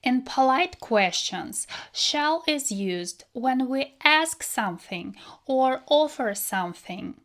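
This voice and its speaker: Slow, clear woman teaching grammar. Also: on the high side, lively intonation. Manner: slow, clear explanations with acted example phrases. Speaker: English teacher. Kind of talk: grammar lesson.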